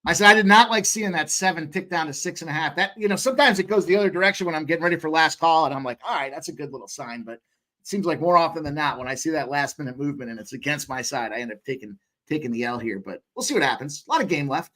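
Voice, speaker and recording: A man co-hosting a live betting stream, telling quick, profane stories in casual chat. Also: on the high side, animated, bright, forceful tone.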